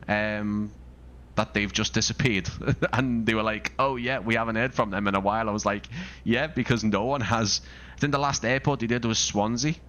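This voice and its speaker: A man from Liverpool, England, with a Scouse accent and a lowish, slightly bright voice chats casually while live-streaming a flight simulator. He rambles and thinks aloud, throwing in asides to his viewers.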